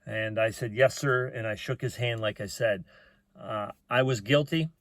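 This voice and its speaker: A man's voice: medium pitch, normal speed, no echo. A middle-aged man telling a personal story in a rambling, folksy way, with plain talk and lots of "uh" fillers.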